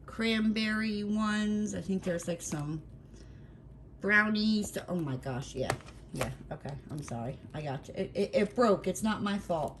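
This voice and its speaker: Casting: middle-aged woman, unhurried, chatty and teasing, faint room hiss behind her. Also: mid-range voice. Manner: chatty, teasing, exclaiming and laughing often. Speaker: craft vlogger. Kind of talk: casual chat while opening mail.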